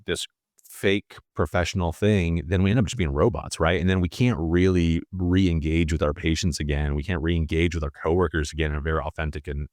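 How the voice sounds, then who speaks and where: Low-voiced man hosting a podcast. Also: a little mellow, no echo, clean studio sound. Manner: thoughtful, asks open questions. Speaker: podcast host. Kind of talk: casual podcast chat.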